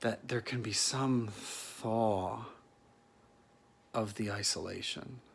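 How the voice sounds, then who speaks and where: A man, an actor, giving a reflective solo monologue to an imagined listener, musing and halting with restarts and soft chuckles. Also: lowish voice, vocal fry, husky. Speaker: actor performing a solo piece.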